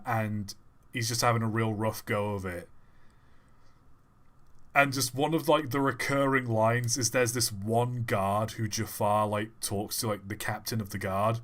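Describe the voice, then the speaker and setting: A man's voice: medium pitch, a bit bright. A young man co-hosting a livestream, chatting casually in a rambling, enthusiastic way that keeps breaking off and restarting. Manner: rambling, enthusiastic, self-interrupting. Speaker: livestream co-host.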